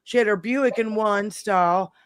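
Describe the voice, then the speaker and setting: A middle-aged woman hosting a podcast, telling a long story in a casual, animated way, swearing freely and rambling. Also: mid-range voice, a little slow, no echo, clean studio sound. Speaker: podcast host.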